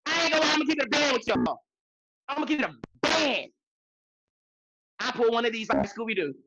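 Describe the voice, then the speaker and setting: A woman co-hosting a podcast, telling a story in a loose, animated way, repeating lines for emphasis and swearing freely. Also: a little high, brisk, vocal fry, background noise. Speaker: podcast co-host. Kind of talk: casual storytelling chat.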